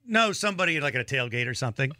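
A man's voice: mid-range voice, very animated, rapid-fire, pushed and bright, no room sound, clean studio sound. A man co-hosting a podcast in casual chat, who often acts out the voices of the people in his stories. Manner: chatty, acts out quoted voices. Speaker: podcast co-host.

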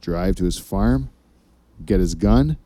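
Mellow, profane rambling male podcast host. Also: low voice, lively intonation, slow pace. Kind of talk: casual comedy chat.

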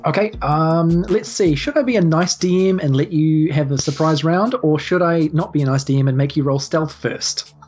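A woman's voice: deep voice, moderate pace, a little mellow. A woman narrating as game master in a tabletop game, easygoing and filler-heavy.

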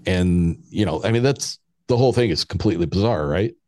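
A man in his fifties tells a long, rambling story as a podcast guest. His voice sits very low. The sound is dry and close, and he chuckles his way through the telling. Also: animated, a little fast, warm tone, no echo. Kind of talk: casual storytelling.

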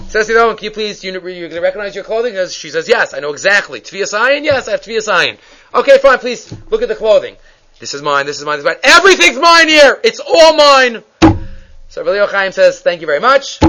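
A man's voice: sits high, a bit bright. A man teaching a Torah class, telling stories and acting out the dialogue with Hebrew phrases mixed in. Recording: dull lo-fi recording.

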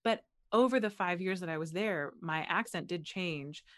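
A young American woman from Pennsylvania, a voice actor chatting as an interview guest, animated and quick to laugh. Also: lowish voice. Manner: animated, laughs often, frequent "like" fillers. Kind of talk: casual interview chat.

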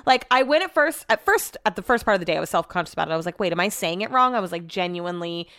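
Woman podcast host, smooth clear voice, dry close sound, rambling and exasperated. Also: on the low side, expressive, racing, fairly bright tone, no room sound. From America. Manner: chatty, exasperated, swears freely. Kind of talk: casual solo podcast chat. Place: small room at home.

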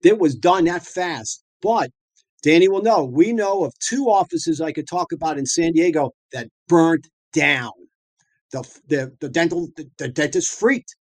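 A middle-aged man from the northeastern US talks as a dentist guest, telling stories in a loose, colloquial way full of fillers and restarts. His voice sits a little high for a man and sounds close and dry, with no room echo. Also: measured pace. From northeastern United States. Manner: lively storyteller, colloquial, frequent fillers and restarts. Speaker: dentist and practice owner guest. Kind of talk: anecdotal storytelling talk.

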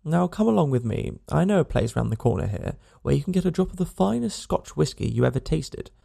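A man's voice: a little high, very animated, brisk, vocal fry, warm tone, exaggerated voice. A man voicing a cheerful, practical friend who always knows where to get a drink, speaking in a chummy, matter-of-fact way. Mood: hearty.

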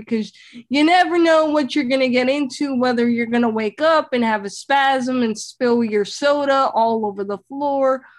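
A young woman talks as an interview guest, her voice pitched high. She tells her stories with animated emphasis and an easy, casual delivery.

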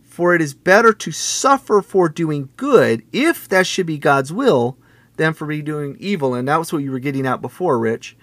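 A man expounds scripture with emphatic, repetitive phrasing, as a pastor would. His voice sits high and swings widely up and down. The sound is dry and close. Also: lively intonation, moderate pace, fairly bright tone, no echo. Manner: emphatic, repetitive, building in intensity. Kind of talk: preaching Bible teaching in conversation.

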